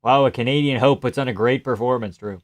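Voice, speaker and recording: A man hosting a live fight reaction stream, chatting casually with viewers, reading chat and cursing as he yells at the action. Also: mid-range voice, fast talker. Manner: swears freely, yells at the fight; reads and answers chat. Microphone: desk mic, gain adjusted live.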